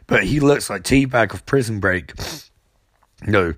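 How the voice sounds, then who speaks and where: A man's voice: on the low side, moderate pace, fairly bright tone, no room sound. A man giving a comic, rambling recap of a TV episode, stammering, swearing and sarcastic. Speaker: show recapper.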